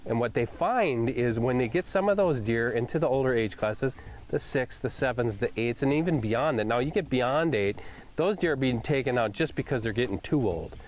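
A middle-aged man hosting a hunting show, recapping a hunt in a casual, excitable way. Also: medium pitch, normal speed, slight background noise. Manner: excitable, enthusiastic storyteller.

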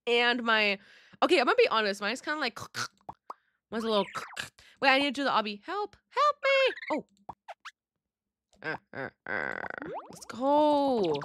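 A young woman chats through a game in a bubbly, dramatic way, full of slang and sudden squeals. Her voice is bright and swoops all over. Faint noise sits behind her. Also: mid-range voice. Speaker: gaming YouTuber. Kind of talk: casual gaming commentary.

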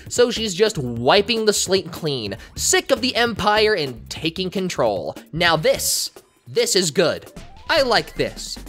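A woman giving animated, sarcastic commentary as a show reviewer. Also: fairly low pitch. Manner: sarcastic, wry asides.

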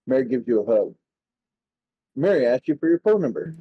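A man's voice: mid-range voice, big pitch swings, normal speed, pauses often, breathy edge, dry recording. A man co-hosting a casual gaming session, reading a text adventure aloud with crude jokes and laughter. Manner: laughs mid-sentence, crude and joking. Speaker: co-host playing a text adventure. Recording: dull lo-fi dry mic.

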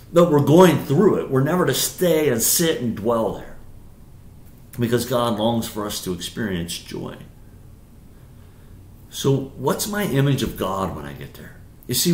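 A man's voice: mid-range voice, echoey room. A male pastor preaching a sermon in a conversational way, repeating himself and building to emphatic bursts. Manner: conversational, rising to emphatic bursts, frequent restarts.

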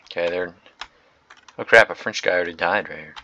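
Young male gaming host, low voice with a bright, tense edge, slangy play-by-play reactions, dull home-mic sound. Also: brisk, a little hiss or hum. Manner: excitable, slangy, reactive, swings from loud outbursts to mumbled asides. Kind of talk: live gameplay commentary.

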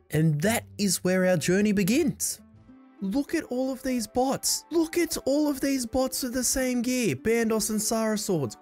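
A woman hosting a gaming channel, doing gameplay commentary with comic skits in an excitable, chatty manner full of slang. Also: on the low side.

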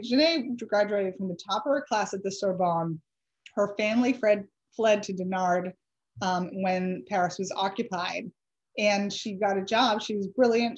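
A woman author giving a chatty slide presentation, pausing with ums and correcting herself, her voice a little dry from allergies. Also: mid-range voice, a little mellow, dull audio. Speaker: author giving a library talk.

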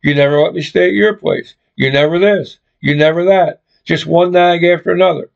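A man voicing an evasive, defensive boyfriend who brushes off complaints, with a gravelly voice on a dull lo-fi recording. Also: a little high, normal speed. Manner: dismissive, defensive.

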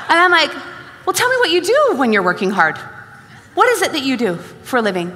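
A young woman tells stories from a stage, bringing each exchange of dialogue to life. Her high voice rises and falls widely. A large hall gives her words a long reverb. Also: moderate pace, long pauses, slight background noise. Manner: animated storyteller acting out dialogue. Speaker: speaker at a sales event. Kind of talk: motivational stage talk.

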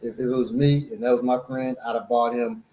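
A man's voice: medium pitch, steady tone, fairly quick, mellow, echoey room, a little hiss or hum. A man in casual group chat, animatedly telling stories and acting out the voices of the people he quotes. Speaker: co-host.

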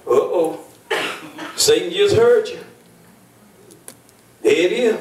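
A man's voice: sits high, very animated, slow pace, pauses often, a little hiss or hum. An older man preaching as a bishop, telling folksy stories and calling for responses from his congregation. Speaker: bishop and pastor. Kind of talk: sermon. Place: church. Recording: echoey church from a distance.

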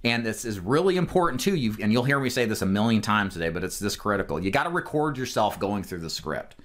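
A man's voice: lowish voice, sing-song, fast talker, a bit bright. A man coaching a group of insurance agents in an instructional talk, speaking in a direct, emphatic way with plenty of fillers. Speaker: insurance sales trainer.

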